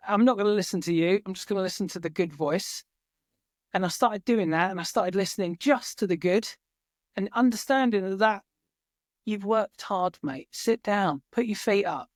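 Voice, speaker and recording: A man's voice: high voice, no echo, clean studio sound. A man speaking as a podcast guest, telling his story in an earnest, reflective way and swearing casually now and then. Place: remote farm in Norway.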